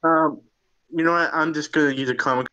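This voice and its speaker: A man playing in a tabletop game, loud and insistent. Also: on the high side, fairly even intonation, fairly quick, highs cut off. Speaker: player. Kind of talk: casual tabletop play.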